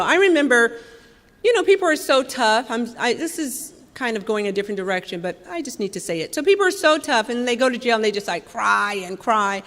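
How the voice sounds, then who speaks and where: A woman's voice: on the high side, animated, fairly quick. Candid woman in an echoing hall. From Los Angeles, California. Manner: candid, wry, raw, with emphatic swells and soft drops. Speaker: speaker sharing a recovery story. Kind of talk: personal recovery talk. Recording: long reverb from a hall.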